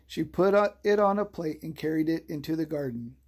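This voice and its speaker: A storyteller reading a children's bedtime story aloud, slow and soothing. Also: mid-range voice, darkish tone, slightly rough.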